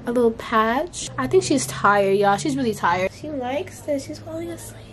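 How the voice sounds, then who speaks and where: A teenage girl with a high, bright voice, talking straight to her viewers in a chatty vlog. She gushes freely and fills her sentences with "like" and "you know". A faint hiss sits behind her voice. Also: lively intonation, normal speed. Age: late teens. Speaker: vlogger. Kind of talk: casual vlog chat.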